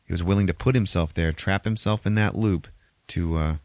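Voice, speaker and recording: A man hosting a podcast, recapping a movie in a casual, animated way, swearing freely and laughing often. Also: sits low, a little fast, dry recording, clean studio sound. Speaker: podcast host.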